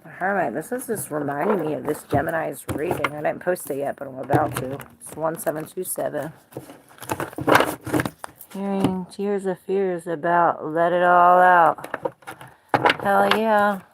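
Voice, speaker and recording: A woman's voice: lowish voice, a little slow, creaky, heavy background noise. A woman in her forties giving a live tarot reading in a rambling, casual way, greeting viewers as she goes. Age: 40s. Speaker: tarot reader.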